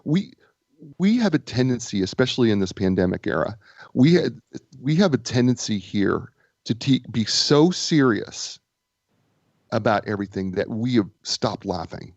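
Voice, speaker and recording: A man speaking as a guest author and business coach, telling stories in a lively way with frequent restarts. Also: medium pitch, normal speed, gravelly, no room sound, dull audio. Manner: animated storyteller, stammering restarts. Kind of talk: casual interview chat.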